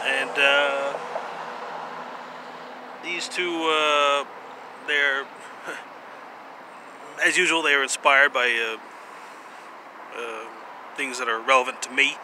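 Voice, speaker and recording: A man vlogging in a rambling, casual monologue, halting often with pauses and asides. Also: a little high, noisy background. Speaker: vlogger presenting jutsu.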